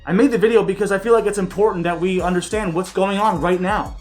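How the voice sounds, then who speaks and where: A man hosting a commentary vlog, talking with raw anger and swearing, his voice dropping low when upset. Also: steady tone, fast talker, darkish tone, faint music behind. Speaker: political commentary vlogger.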